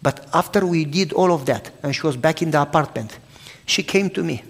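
A man's voice: on the high side, brisk. A man in his sixties, a pastor preaching a sermon and animatedly acting out both sides of the conversations in his stories. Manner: animated, acts out both sides of dialogues loudly. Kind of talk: sermon storytelling. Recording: long hall reverb.

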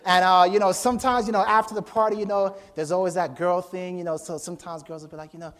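A man preaching a sermon as a story, acting out voices with sudden high shouts and laughter. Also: steady tone, fast talker, few pauses.

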